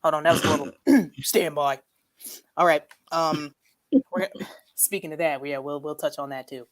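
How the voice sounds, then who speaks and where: A woman with a slightly low voice hosts a relaxed livestream chat and reads viewer comments aloud. She talks in an animated way and laughs often, calling her audience "y'all". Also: moderate pace. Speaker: livestream host.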